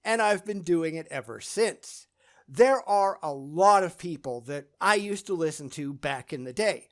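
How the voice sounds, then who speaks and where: Blunt youtuber ranting at the mic, sarcastic, swears a lot, mid pitch. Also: animated, a little slow. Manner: blunt, scornful, profane; dismissive sarcasm. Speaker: YouTube channel host. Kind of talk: scripted monologue answering viewer questions.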